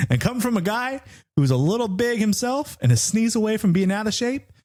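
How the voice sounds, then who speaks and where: A middle-aged man co-hosting a podcast, telling a story in an animated rant, swearing freely and jumping up high when he retells what others said. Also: normal speed. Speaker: podcast co-host.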